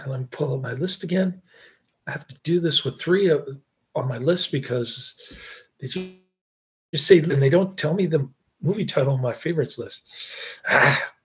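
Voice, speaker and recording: A man's voice: fairly high pitch, fairly bright tone, husky. A middle-aged man hosting a casual movie review chat, rambling with fillers and chuckles.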